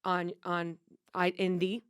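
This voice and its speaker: A woman's voice: on the low side, monotone, slow, clear, resonant tone, dry recording, clean studio sound. A woman hosting a podcast, chatty and casual, who swears freely and plugs her tour dates. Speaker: podcast host.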